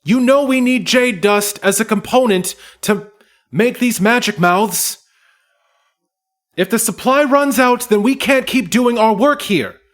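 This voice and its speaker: A man voicing an indignant female gnome scholar who yells in shrill exasperation. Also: a little slow. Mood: pleading.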